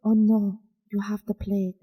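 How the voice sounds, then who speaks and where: A woman voicing a gentle nun nurse soothing a plague patient in a whispered role-play, with a vague put-on foreign accent and a soft, slow, apologetic murmur. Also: medium pitch, little pitch movement, husky, phone-quality sound, close to an everyday voice.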